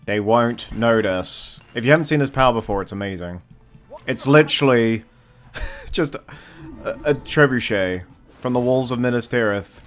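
A man giving casual let's-play commentary on a strategy game, excitable and swearing often, with frequent sudden exclamations. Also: mid-range voice, moderate pace, soft background music. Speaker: gameplay commentator.

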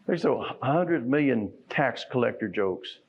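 A man's voice: medium pitch, lively intonation, a little slow, gravelly, husky, muffled recording. A man preaching a sermon in a folksy, conversational way that swells into fervent emphasis. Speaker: pastor. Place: church sanctuary.

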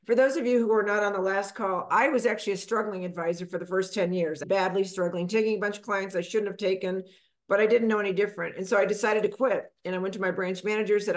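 A middle-aged woman from Texas, a financial advisor guest, telling her story in a lively conversational way and acting out the people she quotes. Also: fast talker. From Texas, USA. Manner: animated, acts out quotes with big pitch jumps.

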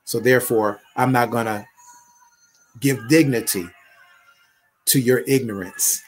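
A man's voice: mid-range voice, a little slow, faint music behind. A middle-aged man, a bishop and online pastor, speaking in an emphatic, conversational way on a live prayer broadcast and repeating his phrases.

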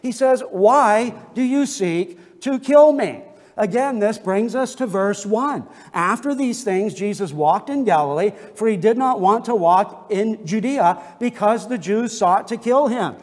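A man with a notably high voice preaches an expository sermon with earnest conviction. His words ring out with a long reverberant tail, as in a church sanctuary. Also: unhurried. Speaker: pastor.

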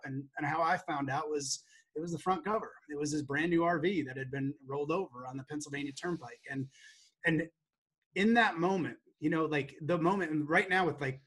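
A man's voice: fairly high pitch, fairly bright tone, husky. A man telling an emotional story as a guest in an interview, earnest and acting out quotes from the past. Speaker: guest educator.

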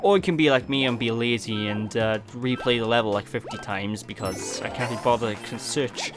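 A man's voice: mid-range voice, normal speed. Jokey man from Wales for let's play commentary, music bed. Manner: rambling, self-mocking, jokey asides. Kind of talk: casual gameplay commentary. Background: game music.

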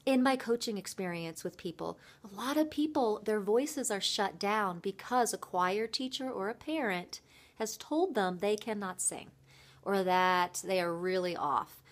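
A woman voice coach giving a motivational vlog talk, earnest and reflective, with thoughtful pauses. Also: mid-range voice.

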